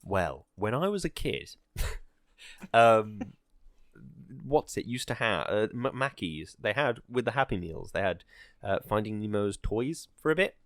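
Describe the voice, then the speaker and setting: A man's voice: lowish voice, very animated, measured pace, dry recording, clean studio sound. A man co-hosting a podcast, chatting casually in a rambling, hesitant way with many fillers. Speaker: podcast co-host. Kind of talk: casual chat.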